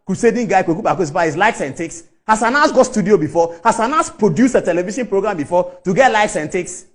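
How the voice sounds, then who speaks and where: A man's voice: high-pitched, animated, fast talker. A middle-aged man with a Ghanaian English accent gives a fiery, rhetorical speech about football, repeating phrases for emphasis. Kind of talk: impassioned public speech.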